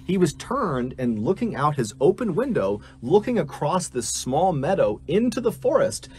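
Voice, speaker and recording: A man narrating a true missing-person story in a steady storytelling manner that builds suspense. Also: fairly high pitch, normal speed.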